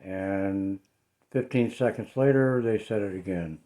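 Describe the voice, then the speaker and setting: A man's voice: lowish voice, measured pace, mellow. A man talking casually in a home vlog, hesitant and uneasy, with lots of ums and uhs. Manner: hesitant, many fillers, uneasy. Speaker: paranormal vlogger. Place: his home, indoors.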